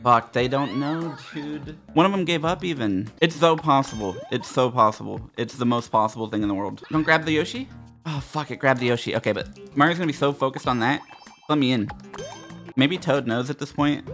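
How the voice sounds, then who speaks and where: A man's voice: medium pitch, lively intonation, brisk, a bit bright, faint music behind. A man giving profane, frustrated commentary while playing a video game. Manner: frustrated, profane, exasperated muttering at other players. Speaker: gaming YouTuber. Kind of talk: gameplay commentary.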